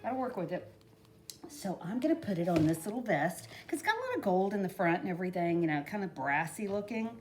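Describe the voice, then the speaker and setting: A woman's voice: fairly low pitch, big pitch swings, fast talker, few pauses, a little mellow, a little hiss or hum. A middle-aged woman chatting folksily through a craft tutorial, talking to her viewers as y'all. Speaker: crafting vlogger. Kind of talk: casual craft tutorial chat.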